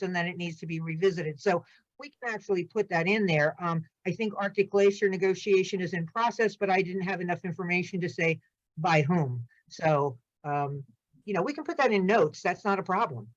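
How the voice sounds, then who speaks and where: Board member, female, deliberate and measured, muffled video-call sound. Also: on the low side. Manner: deliberate, pausing to think. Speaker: board member reviewing accounts. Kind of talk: business meeting discussion. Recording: dull video-call audio.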